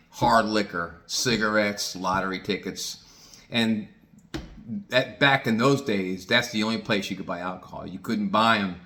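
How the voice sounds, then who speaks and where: Sixties male vlogger, low pitch with a tense edge, folksy, drifts off topic. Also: pushed and bright. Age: 60s. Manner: digressive, folksy, swears casually. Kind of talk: rambling personal storytelling.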